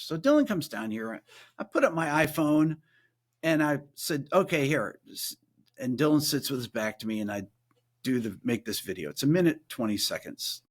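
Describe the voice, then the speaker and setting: Animated man telling a lively story. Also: normal speed. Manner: animated, acts out quoted voices in a higher pitch. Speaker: guest musician and producer. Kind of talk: casual storytelling in a podcast interview.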